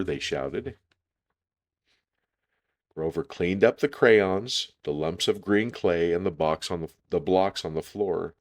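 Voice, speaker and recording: A man reading a children's picture book aloud, calm and deliberate. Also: low voice. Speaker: storyteller.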